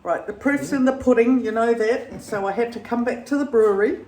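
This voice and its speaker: A woman's voice: a little high, a little fast, darkish tone, slight background noise. A woman chatting casually as she bakes at home, laughing often and trailing off with fillers. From Netherlands. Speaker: vlogger. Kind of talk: casual home baking vlog.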